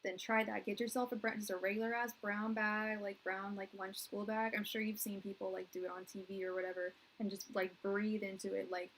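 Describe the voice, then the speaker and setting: A woman in her thirties gives a live tarot reading to viewers, tearing up as she rambles earnestly, restarting sentences and saying "like" a lot. Her medium-pitched voice is fairly quick and flat with few pauses, on a rough recording with faint background noise underneath.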